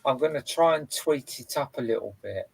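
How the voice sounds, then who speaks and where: A man's voice: mid-range voice, animated, moderate pace, gravelly, slightly rough, dry recording, poor audio. A man streamer in casual chat, sweary, often restarting his sentences. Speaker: live streamer.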